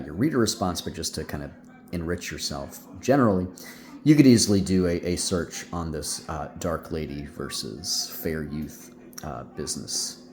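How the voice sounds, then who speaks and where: A man's voice: deep voice, darkish tone, slight background noise. A male teacher giving a recorded class lecture, rambling with many fillers and restarts. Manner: hums out rhythms with "ba ba".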